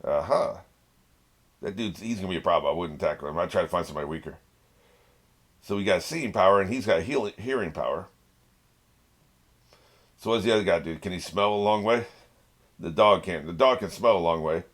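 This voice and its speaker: A man with a low, deep voice gives casual reaction commentary while watching an episode. He chats loosely, laughs often and talks straight back at the characters on screen. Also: expressive, brisk, pauses often. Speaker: anime reaction channel host.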